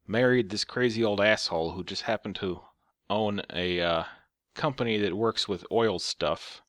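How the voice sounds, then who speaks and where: Low-voiced, sarcastic male vlogger, casual and foul-mouthed. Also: fairly bright tone, no echo, clean studio sound. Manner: sarcastic and profane. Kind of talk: casual storytelling rant.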